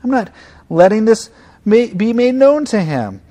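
Earnest preaching man, fairly high voice. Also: sing-song, unhurried. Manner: earnest and conversational, swinging between soft and emphatic. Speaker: pastor. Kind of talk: sermon.

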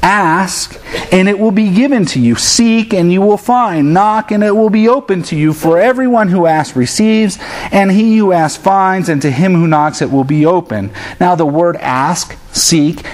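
A man's voice: high-pitched, a little slow. A man in his thirties preaching a sermon, earnest and direct, now and then acting out his children's voices to make a point. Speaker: pastor.

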